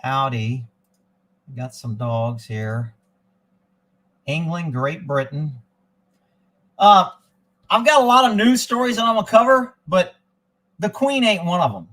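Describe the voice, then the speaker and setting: A man's voice: on the high side, a little slow, long pauses, fairly bright tone, low-quality recording. A man hosting a casual livestream and ranting in a folksy, profane, rambling way. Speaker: livestream host. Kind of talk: casual political rant.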